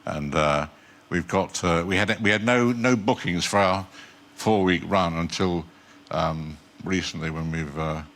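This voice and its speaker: An older man, an actor guest on a talk show, telling anecdotes in a dry, understated deadpan way. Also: low voice, unhurried.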